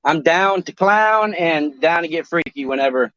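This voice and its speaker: A man rambles through a crude talk show chat, halting and restarting, swearing freely. His voice sits a little high for a man. The recording is dry and dull, like a cheap mic. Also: lively intonation, fairly bright tone, dry recording.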